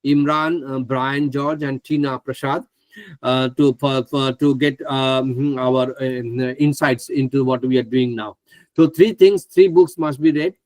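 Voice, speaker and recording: A man presenting a live online trading class, chatty and excitable, who laughs often and stumbles over names. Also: mid-range voice, unhurried, no echo. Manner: stumbles over names, asks others to pronounce them.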